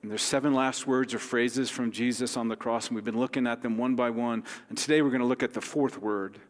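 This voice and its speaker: A man, a pastor, giving a sermon in a gentle, conversational way with light humor. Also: medium pitch, fairly even intonation, a little fast. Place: church sanctuary. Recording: long hall reverb.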